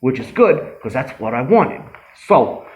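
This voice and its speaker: A man's voice: mid-range voice, sing-song, unhurried, a little mellow, pitched above the performer's own voice. A man voicing a brash, boastful young tough guy who rambles, swears and brags in a comedy sketch. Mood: swaggering. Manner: cocky, rambling, swearing, self-aggrandizing.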